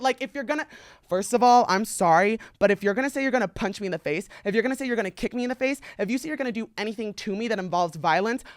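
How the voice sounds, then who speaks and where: Animated young woman retelling a clash. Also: mid-range voice, quick pace, no echo, studio quality. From US tri-state area around New York. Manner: dramatic retelling with loud acted-out quotes, frequent "like". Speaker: podcast host. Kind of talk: casual chat, animated storytelling.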